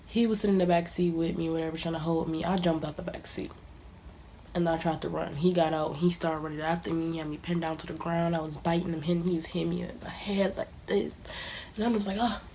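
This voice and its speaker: A woman's voice: on the low side, fairly even intonation, quick pace, mellow, slight background noise. A young woman casually telling a personal story as a vlogger, sometimes dropping to a near-whisper. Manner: casual, conversational, drops to near-whispers at times. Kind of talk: storytime monologue.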